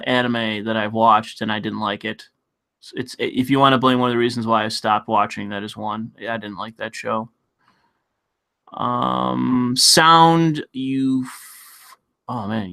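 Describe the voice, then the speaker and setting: A man talks casually to his stream chat with a bright, forward voice. He rambles, swears freely and laughs along as he goes. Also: mid-range voice, creaky. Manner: rambling, profane, laughs often. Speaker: livestream host.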